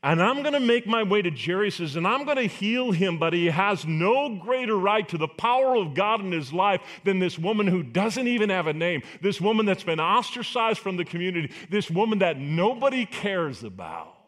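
Male pastor, sermon delivery, higher voice, lively pitch, acts out voices. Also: moderate pace, few pauses. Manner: animated, acts out voices of biblical figures.

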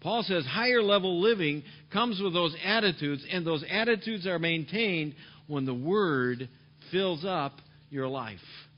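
A man preaching a sermon keeps a measured pace in a voice on the high side, hammering home repeated key phrases before dropping to softer tones. It's captured on a dull lo-fi recording.

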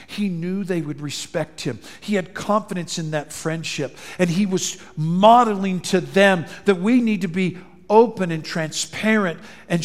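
A male pastor preaching an animated sermon that acts out quoted dialogue. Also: on the high side. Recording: long reverb in a large hall.

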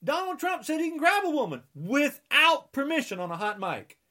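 A man's voice: extremely high pitch, big pitch swings, normal speed, bright, forceful tone. A man from New Jersey delivering an angry political rant, sarcastic and indignant, repeating mocking refrains and scolding his listeners. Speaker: political commentator.

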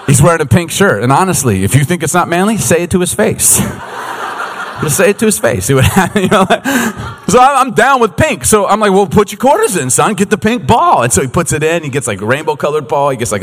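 A man in his thirties, a youth pastor preaching a sermon as an animated storyteller who laughs often. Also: medium pitch. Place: church hall. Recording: echoey hall.

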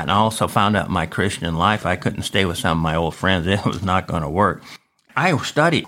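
A man with a fairly low voice shares a personal story in a devotional podcast. He tells it in an animated way and keeps chuckling as he goes. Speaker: podcast preacher.

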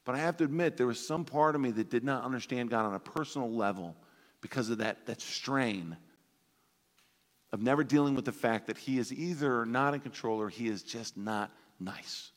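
A man preaching a sermon as pastor, animated and playful, acting out everyday voices for laughs. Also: mid-range voice, moderate pace, in a large hall. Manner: animated, acts out voices of toddlers and parents for laughs.

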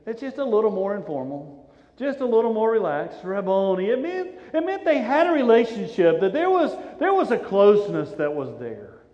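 A male pastor preaching a sermon, telling the story with dramatic swings from loud urgency to hushed softness. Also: high voice, wildly swooping pitch, moderate pace. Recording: echoey hall, dull lo-fi sound.

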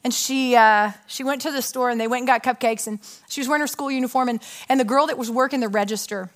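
Animated woman preaching to a crowd. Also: on the high side, fast talker. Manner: animated, chatty, asks the audience questions. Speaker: women's ministry speaker. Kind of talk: conversational sermon with storytelling. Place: stage before an audience.

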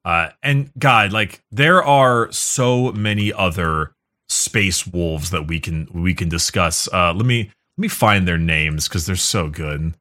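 A man's voice: low-pitched, slow pace, bright, forceful tone. A man co-hosting a podcast, telling stories with enthusiasm in a rambling, casual way. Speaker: podcast co-host. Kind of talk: casual chat.

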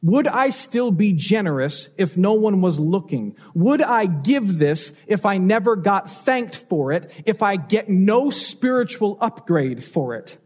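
A man's voice: high-pitched, big pitch swings, a little slow, hardly any pauses, a little mellow, slightly rough. A man preaching a sermon as pastor, telling stories and asking rhetorical questions with changing emphasis.

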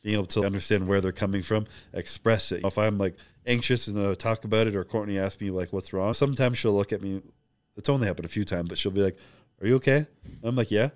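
A man's voice: fairly low pitch, fairly even intonation, no room sound. A young man speaking as a podcast guest, candid and profane, acting out the lines of people in his stories. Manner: fast, open and profane, acting out quoted dialogue. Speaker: guest, bodybuilding champion.

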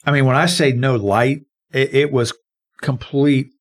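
A man's voice: mid-range voice, fairly even intonation, a little slow. A man co-hosting a conversational Bible study, explaining verses and stressing single words. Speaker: Bible teacher and co-host.

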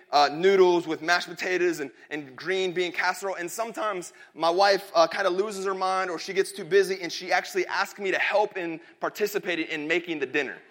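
A man's voice: high voice, a bit bright. A man in his thirties preaching a sermon, telling a funny family story in a chatty, joking way. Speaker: pastor. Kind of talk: sermon with a humorous personal story.

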